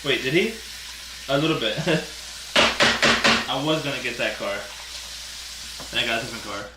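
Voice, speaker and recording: A man's voice: mid-range voice, moderate pace, heavy background noise. A man hosting a casual cooking livestream, chatting and laughing with viewers while he cooks. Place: home kitchen. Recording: echoey kitchen, mic far off. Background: food frying and sizzling.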